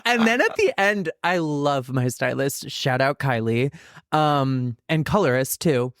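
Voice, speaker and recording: A woman hosting a gossip podcast in a playful, jokey chat with quick asides. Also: extremely low pitch, animated, dry recording, studio quality. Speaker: podcast host.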